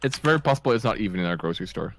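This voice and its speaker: A young man from the Netherlands with a Dutch accent, bantering in mock offense while streaming a game with friends. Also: fairly low pitch. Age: young adult. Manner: animated, mock-offended, quick to laugh. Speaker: streamer and co-player. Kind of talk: casual gaming banter.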